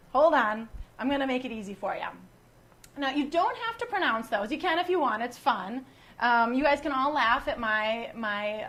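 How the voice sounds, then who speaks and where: A woman from the United States teaching a casual wine class online, her voice high and bright in pitch. She talks in a chatty way and teases her audience with running jokes. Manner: chatty, joking, teasing. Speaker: wine educator and host.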